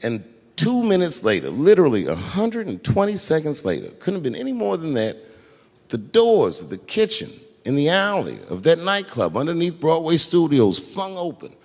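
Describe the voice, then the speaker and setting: A man doing stand-up comedy, telling a story in an animated, profane way. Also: on the high side, moderate pace, in a large hall.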